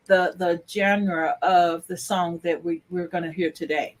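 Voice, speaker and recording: A woman's voice: on the low side, steady tone, a little slow. A woman hosting a radio interview, asking short questions and keeping the guest talking. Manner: brief prompting questions, frequent "mm-hmm". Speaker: radio show host. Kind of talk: casual interview.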